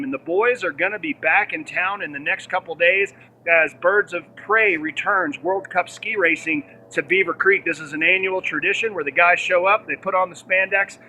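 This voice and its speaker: A man's voice: high voice, pushed and bright, slight background noise, low-quality recording. A man hosting a casual morning show, giving an upbeat report on roads and weather from around town. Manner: upbeat, hyped, quick asides. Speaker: host, roving reporter.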